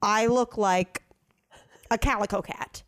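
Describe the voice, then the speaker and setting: A woman co-hosting a podcast, telling a story in casual chat, animated and acting out quotes in different voices. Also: medium pitch, takes it slowly. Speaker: podcast co-host.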